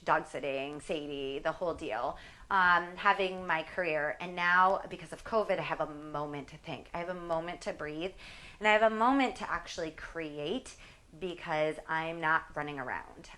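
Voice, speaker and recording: Chatting while she works out, a woman fitness instructor in her forties speaks at normal speed in a deep, sharp voice with fairly even intonation. She is self-deprecating and casual as she demonstrates exercises, and the effort sometimes leaves her strained.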